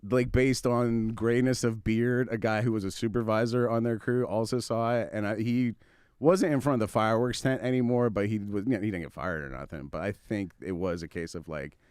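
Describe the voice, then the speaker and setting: A man co-hosting a podcast, telling a story in a casual, deadpan way. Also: lowish voice, a little fast, smooth, no room sound, studio quality. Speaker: podcast co-host.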